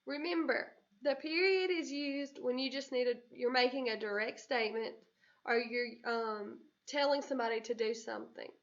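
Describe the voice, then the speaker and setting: A woman teaching young children, explaining patiently and acting out excited examples. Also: on the high side, normal speed. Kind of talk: recorded classroom lesson for children. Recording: dull lo-fi recording.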